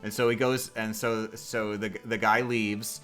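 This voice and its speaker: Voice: mid-range voice, little pitch movement, measured pace, a bit bright, soft background music. A streamer telling a silly story in a meandering way, with lots of restarts and laughing along. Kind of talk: rambling comic storytelling.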